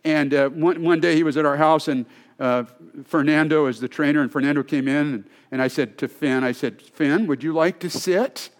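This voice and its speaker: A man's voice: a little high, fairly even intonation, fairly quick. A male pastor preaching a sermon in a conversational, storytelling way, often restarting his sentences.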